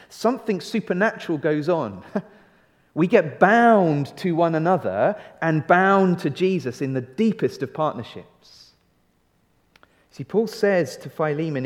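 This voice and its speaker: A man's voice: high-pitched, very animated, moderate pace, in a large hall. A male pastor giving a sermon in an earnest, conversational way, stretching key phrases for emphasis and asking rhetorical questions.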